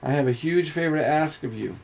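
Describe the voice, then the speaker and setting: A man reading a game's story aloud, voicing a hesitant, pleading mystery star who speaks over a loudspeaker. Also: fairly high pitch, fairly quick, vocal fry, slight background noise. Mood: urgent.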